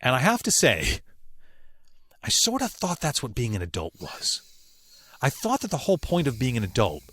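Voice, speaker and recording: Earnest man with a lively voice. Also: mid-range voice. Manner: earnest and emphatic, with slow, weighty pauses. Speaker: podcast guest, voice actor. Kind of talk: reflective interview storytelling.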